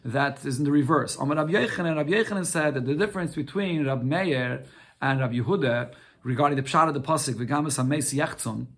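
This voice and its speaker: Brief: male Talmud teacher, fairly high voice, patient step-by-step explainer, answers his own questions. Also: fast talker, a bit bright, husky. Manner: explains step by step, mixing Aramaic phrases with English; rhetorical questions answered himself. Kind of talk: Talmud lesson.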